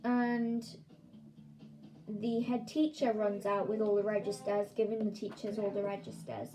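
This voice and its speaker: A woman's voice: mid-range voice, unhurried, warm tone, rough recording. Chatty woman telling a story. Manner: chatty, lots of "like" fillers. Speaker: vlogger. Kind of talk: casual story time.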